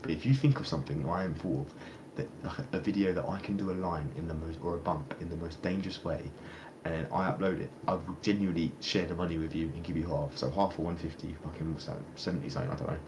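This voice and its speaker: A man's voice: sits low, quick pace. A young man rambling in a casual street interview, swearing a lot and restarting his sentences. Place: outdoors on a street. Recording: noisy street ambience.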